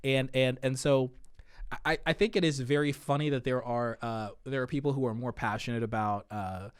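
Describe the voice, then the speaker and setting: A man in his thirties, a podcast guest, talking in a hesitant, halting way with many restarts. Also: medium pitch, fairly even intonation, clean tone, no echo, clean studio sound. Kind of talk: casual conversation.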